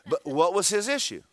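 A man preaching a sermon, telling a story with acted-out dialogue and building to loud exhortation. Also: sits high.

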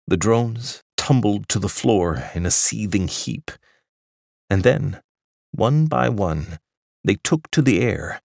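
Male audiobook narrator, very low voice, dry close sound, measured delivery. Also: creaky, no echo. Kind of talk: literary fiction narration.

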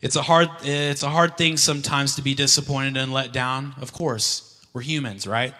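A man's voice: medium pitch, steady tone, normal speed, few pauses, pushed and bright, long reverb tail. A male pastor preaching an impassioned sermon in a church, repeating phrases and swelling to fervent cries. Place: church sanctuary during a morning service.

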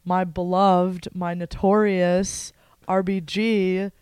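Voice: medium pitch, little pitch movement, takes it slowly, a little mellow, clear, resonant tone, dry recording. A podcast co-host in casual chat, sarcastic and given to mock-dramatic speeches.

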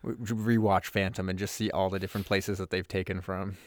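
A man with a fairly low voice talks through a film in loose, rambling podcast chat. He trips over his words and restarts sentences as he goes. The sound is close and dry, with no room in it. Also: flat delivery, brisk, no room sound. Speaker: podcast co-host. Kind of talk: casual movie review chat.

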